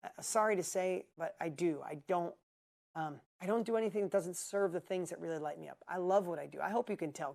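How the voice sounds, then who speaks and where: A man's voice: a little high, vocal fry, a little mellow. A man coaching a live group, answering questions in a blunt, emphatic, motivational way. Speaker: business coach and host.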